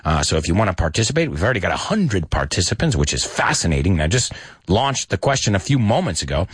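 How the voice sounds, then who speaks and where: Lively man hosting a radio lesson. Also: low-pitched, quick pace, husky, no room sound, clean studio sound. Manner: animated, chatty, explains words and repeats them. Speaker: radio host and English teacher. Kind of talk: casual radio show lesson.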